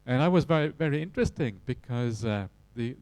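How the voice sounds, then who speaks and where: A man with a Norwegian accent giving an evening dharma talk as a Buddhist teacher, relaxed, with many "uh" fillers and tag questions. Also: medium pitch, a little fast, no room sound.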